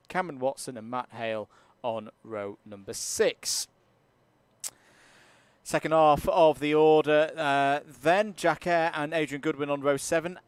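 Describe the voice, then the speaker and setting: A man calling a live sim race as lead commentator, brisk and quick to rise to excited calls over on-track action. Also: fairly high pitch, smooth, dry recording.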